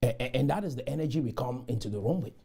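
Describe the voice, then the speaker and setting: A man from Cameroon, giving a motivational conference speech full of repeated chants that burst into shouts. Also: mid-range voice, lively intonation, very fast, gravelly, husky. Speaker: motivational speaker. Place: conference room.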